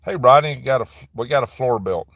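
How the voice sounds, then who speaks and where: Animated and mid-range with a fairly bright tone, this middle-aged man hosts a relaxed livestream from a dim room on his property. He reads viewer chat and rambles chattily, responding with quick laughs. The recording is studio quality, with no echo.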